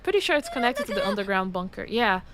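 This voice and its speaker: A woman's voice: medium pitch, big pitch swings, quick pace, background noise. A young woman streaming a horror game, reading the text aloud in a dramatic voice and breaking off into laughing, sweary asides.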